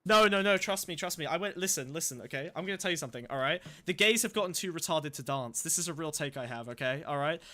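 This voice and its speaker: A man's voice: a little high, animated, fast talker, hardly any pauses, sharp tone. A young man hosting a podcast, telling rambling, profane anecdotes in casual chat and laughing between stories. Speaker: podcast host.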